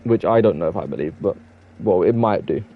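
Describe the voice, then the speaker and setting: Phone-quality sound carries a young Englishman's low, animated, brisk voice as he talks casually with viewers over a gaming stream. He rambles and restarts constantly, owning up to his own waffling.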